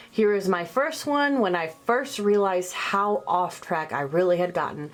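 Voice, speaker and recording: A young woman talking casually in a vlog, rambling with lots of fillers and a bit out of breath. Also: mid-range voice. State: out of breath on a treadmill. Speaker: vlogger. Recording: music playing behind.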